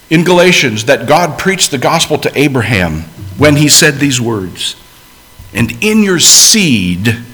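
A man preaching a sermon, swinging between loud emphasis and hushed, quiet asides. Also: a little high.

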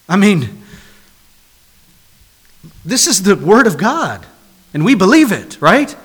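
A man's voice: high voice, very animated, takes it slowly, pauses often, fairly bright tone, slightly rough. A man preaching a sermon, earnest and rhythmic, building emphasis with repeated phrases. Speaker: pastor.

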